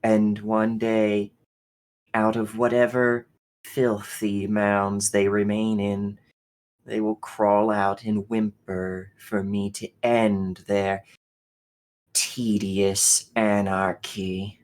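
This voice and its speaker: A man voicing a cold, hateful ancient female machine ruler in a tabletop role-play, with a slow, contemptuous, seething delivery. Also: lowish voice, little pitch movement, darkish tone, rough recording. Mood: seething contempt.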